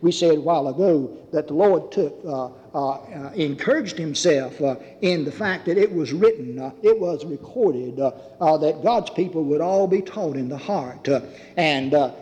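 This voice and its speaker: A man preaching a sermon in a halting way, full of fillers, calling his listeners beloved. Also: a little high, dark tone. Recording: dull lo-fi recording with long reverb.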